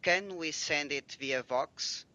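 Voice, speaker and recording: Slow, halting male player. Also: fairly high pitch, bright, forceful tone. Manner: halting, searching for words. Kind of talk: playing a tabletop game.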